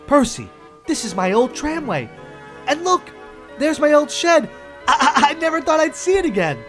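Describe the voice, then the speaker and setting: A man voicing a small, gentle old male tram engine who speaks softly, wistful and apologetic. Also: medium pitch, very animated, normal speed, music in the background, lightly acted. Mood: excited.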